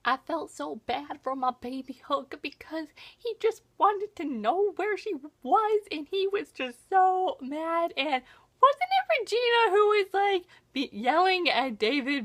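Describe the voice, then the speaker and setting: A young woman vlogger recapping a TV episode in casual chat, gushing and excitable, with lots of "like" fillers. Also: sits high, unhurried.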